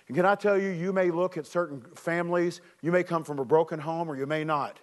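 A man preaching as a youth director, telling a story with animated shouts and earnest appeals. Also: fairly high pitch, fast. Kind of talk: sermon with personal storytelling.

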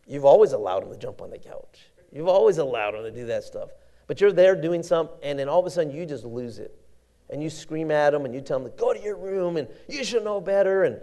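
A man with a voice on the high side preaches a sermon fast, animated and conversational. He often repeats words as he goes.

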